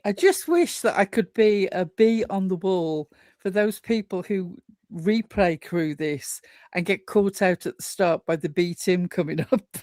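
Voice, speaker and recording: A woman's voice: fairly low pitch, unhurried, darkish tone, no room sound, clean studio sound. A woman co-hosting a casual live-stream chat, telling stories with an indignant, chatty manner. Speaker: co-host.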